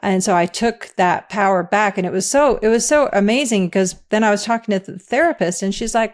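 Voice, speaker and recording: A woman's voice: medium pitch, brisk, few pauses. This is a middle-aged woman, speaking in a mid-range voice. She is a guest in a candid interview and talks in an earnest, reflective way. She laughs easily between her thoughts.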